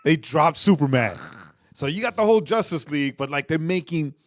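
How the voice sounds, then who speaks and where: Guy cohosting a podcast, talks lively and laughs a lot, dry close mic. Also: a little high, a little fast, dry recording. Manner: animated, laughs often, repeats himself. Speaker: podcast co-host. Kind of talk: casual chat.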